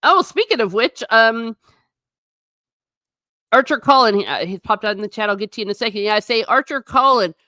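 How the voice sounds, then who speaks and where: A woman hosting a casual livestream, rambling in an animated way and talking straight to her viewers in chat. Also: on the high side, a little fast, pauses often, no echo, clean studio sound. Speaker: livestream host.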